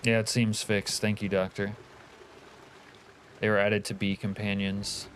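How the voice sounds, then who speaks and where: A man's voice: lowish voice, level tone, a little slow, a bit bright, a little hiss or hum. A man from Canada streaming a multiplayer survival game, chatting casually with teammates and viewers, joking and swearing freely. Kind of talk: casual gaming livestream chat.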